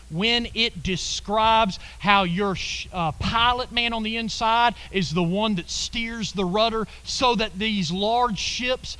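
A man preaching a sermon, swinging between loud emphatic lines and hushed, quiet ones. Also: high-pitched, rough recording.

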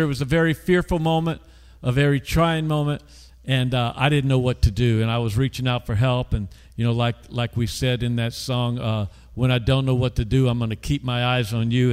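A man's voice: medium pitch, long reverb tail. A male pastor telling a story in a conversational sermon, often putting questions to the congregation.

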